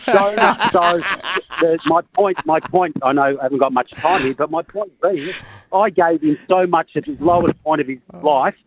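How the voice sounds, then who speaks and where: A man's voice: fairly high pitch, normal speed, rough recording. An Australian man calling in to a podcast, ribbing a friend with a cheeky story. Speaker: caller. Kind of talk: casual phone call.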